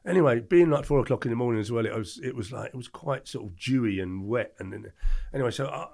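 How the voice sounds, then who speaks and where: A middle-aged man telling animated anecdotes as a podcast guest, acting out the quotes in his stories. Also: mid-range voice, quick pace, creaky. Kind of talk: casual storytelling.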